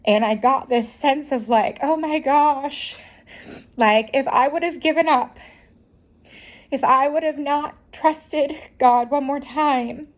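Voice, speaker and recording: A woman's voice: high-pitched, slow pace. A young woman speaking as a lifestyle vlogger, telling a raw personal story with many "like" fillers and acting out the dialogue she remembers. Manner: acts out quoted dialogue in her own voice.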